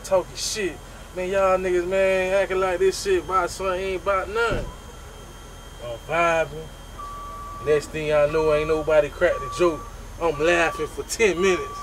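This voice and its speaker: A man telling a funny story about himself in a casual, profane, animated way, making his own sound effects. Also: fairly high pitch, measured pace, noisy background.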